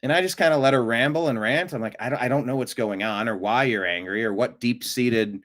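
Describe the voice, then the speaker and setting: A man's voice: mid-range voice, a little fast, a bit bright. A man hosting a news commentary show, talking casually with an amused, rambling manner and frequent restarts. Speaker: show host.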